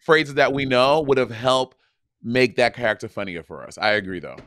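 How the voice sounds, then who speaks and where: A man chats casually as a podcast co-host, circling back on himself with fillers and restarts. His voice sits at a middle pitch. The sound is dry and close. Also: moderate pace, a bit bright, dry recording. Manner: rambling, many restarts and fillers. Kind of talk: casual chat.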